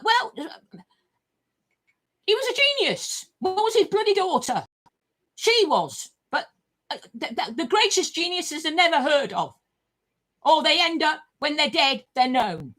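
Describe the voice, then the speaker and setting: An older woman, rambling emphatically to camera in a vlog, swearing often and repeating herself. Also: high voice. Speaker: vlogger.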